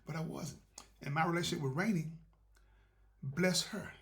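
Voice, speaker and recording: Here the host's voice is a little high and fairly bright, moving at a normal speed. He rambles through a folksy story about doing right while encouraging listeners spiritually, all in casual monologue form.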